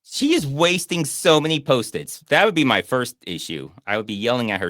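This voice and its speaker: A man's voice: medium pitch, lively intonation, fairly quick, few pauses, a bit bright, dry recording, clean studio sound. A man hosting a casual movie review show, making sarcastic, mocking comments about a film. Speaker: podcast host and movie reviewer.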